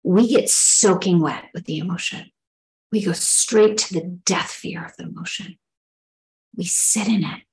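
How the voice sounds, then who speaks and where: A woman's voice: on the low side, unhurried, rough recording. A middle-aged woman giving a spoken spiritual teaching in an earnest, reflective way, sometimes acting out inner dialogue.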